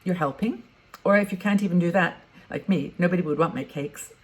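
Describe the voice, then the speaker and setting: A woman's voice: on the low side, fairly quick. A woman in her sixties, talking frankly and conversationally as she gives advice in a casual vlog. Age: 60s. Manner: conversational and frank, thinking aloud. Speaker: vlogger giving advice to retired women.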